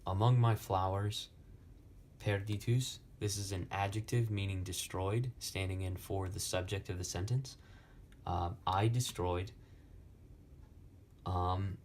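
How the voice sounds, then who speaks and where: A young man slowly explaining Latin poetic meter in a lesson, with many pauses and fillers. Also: lowish voice, a little mellow, slight background noise. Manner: slow, halting, many fillers. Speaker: Latin tutor.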